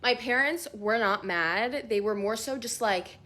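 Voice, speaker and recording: A young woman telling a casual storytime vlog, chatty and animated, full of filler words, swearing and laughter. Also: on the high side, a little slow.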